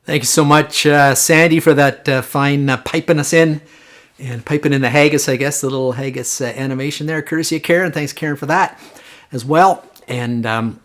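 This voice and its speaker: A man's voice: a little high, fairly even intonation, moderate pace, a bit bright. A man hosting a live online show in a chatty, casual way with lots of fillers, greeting viewers by name. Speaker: host.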